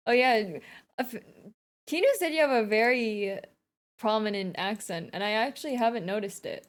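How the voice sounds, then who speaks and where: A woman's voice: a little high, normal speed, pauses often. Chatty, giggly young woman streamer. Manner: chatty, giggly, reads game dialogue aloud. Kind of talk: casual chat while playing a game.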